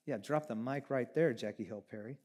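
A man preaching a sermon as pastor, talking conversationally, moving between hushed reflection and fervent emphasis, with casual asides to the congregation. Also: medium pitch, a little fast. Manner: casual asides with audience check-ins.

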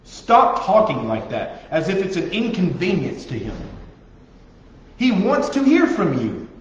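Animated man preaching in an echoey room. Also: high voice, measured pace. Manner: joking, animated preaching with mocking prayer voices. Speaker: youth pastor. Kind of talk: sermon. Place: youth group meeting room. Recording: echoey dull room recording.

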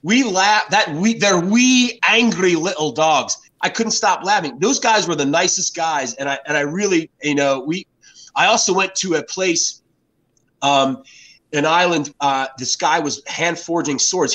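A man in his fifties swaps stories over a few beers as a guest, his voice sitting a touch higher than most men's. He tells them in an animated way and swears freely as he goes. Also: normal speed, low-quality recording. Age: 50s. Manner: animated, profane storyteller. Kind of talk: casual anecdotes over beers.

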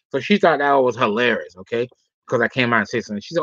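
A man's voice: medium pitch, fairly even intonation, fast talker, fairly bright tone, breathy edge, dry recording. A man talks through dating advice in a loose, rambling way, tagging nearly every thought with "all right?" or "okay?". The sound is dry and a little dull, like a cheap lo-fi mic in a small room. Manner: rambling, filler-heavy talk ending lines with 'all right' and 'okay'. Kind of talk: casual livestream advice talk.

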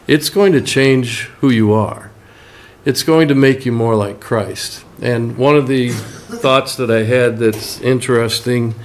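A man preaching a sermon on prayer, speaking in a conversational, folksy way and telling stories to make his point. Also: medium pitch. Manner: folksy storytelling with a joke, conversational. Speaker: pastor.

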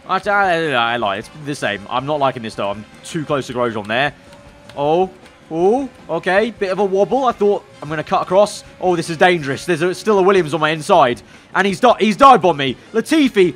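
A man commentating his own racing game run, excitable and breaking into loud exclamations when things go wrong. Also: fairly high pitch. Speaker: gaming YouTuber.

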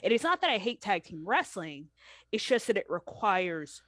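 A woman's voice: medium pitch, big pitch swings, normal speed, fairly bright tone, no echo. A woman in her thirties telling her story in a candid interview, earnest and heartfelt as she retells what happened. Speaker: professional wrestler interviewee.

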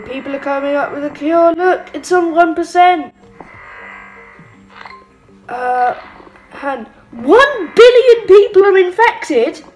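A young woman giving excitable, playful let's-play commentary with mock-evil asides. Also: on the high side, rough recording. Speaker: gaming channel host. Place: home room.

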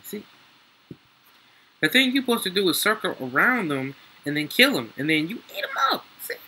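A young man, excitedly commentating his gameplay, slangy and swearing freely. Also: high-pitched, normal speed, slight background noise, poor audio. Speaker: gaming YouTuber.

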